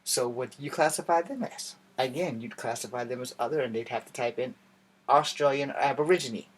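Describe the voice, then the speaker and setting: A man's voice: medium pitch, brisk. Blunt man ranting to camera. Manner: blunt, conversational, swears casually. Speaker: vlogger. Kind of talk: casual monologue to camera.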